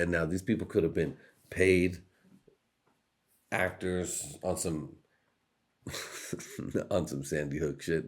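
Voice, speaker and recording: A man's voice: low voice, steady tone, slow pace, long pauses, husky. A young man hosting a podcast, rambling through a profane, jokey monologue that keeps slipping into put-on voices. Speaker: podcast host. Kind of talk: casual comedic monologue.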